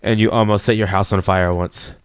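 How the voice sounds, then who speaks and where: A man hosting a game channel, reading through a visual novel in a casual, jokey way, with a hoarse voice. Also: lowish voice, steady tone, fairly quick. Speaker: gaming channel host. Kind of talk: visual novel let's play narration.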